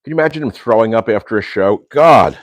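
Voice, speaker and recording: An older man hosts a casual livestream from his home kitchen, rambling and ranting with insults and Yiddish slang. His voice sits on the low side, animated and very fast, with no echo.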